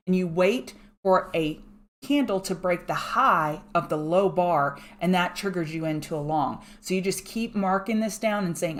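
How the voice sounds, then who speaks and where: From a room at home, a woman hosting live trading chart commentary reviews charts as a market analyst. Her voice is fairly low, and she talks fast and chattily while thanking viewers by name.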